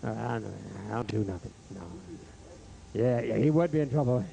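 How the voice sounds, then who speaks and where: A man doing a stand-up comedy set in a club, jokey and animated, stammering through restarts and bantering with the crowd and the waiter. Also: medium pitch, moderate pace, gravelly.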